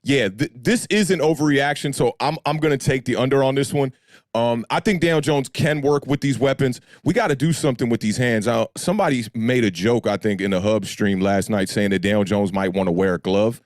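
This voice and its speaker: A man with a deep voice hosting a casual sports talk show, laid-back and slangy, addressing listeners directly. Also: a little fast, no room sound, clean studio sound. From United States. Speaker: podcast host.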